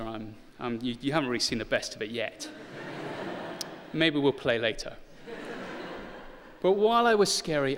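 Earnest preacher in a reverberant church. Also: male voice, on the high side. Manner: earnest, rises to urgent emphasis, with light self-deprecating humor. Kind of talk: sermon. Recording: long hall reverb.

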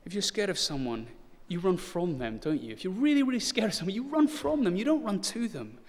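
Earnest preacher in a reverberant church. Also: male voice, sits high, sing-song, fairly quick. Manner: earnest, rises to urgent emphasis, with light self-deprecating humor. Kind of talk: sermon. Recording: long hall reverb.

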